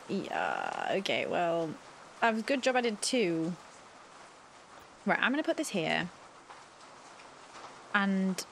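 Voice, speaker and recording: A woman's voice: medium pitch, vocal fry, slight background noise. Flustered woman gaming host. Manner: flustered, chatty, talks to game characters. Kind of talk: let's play commentary.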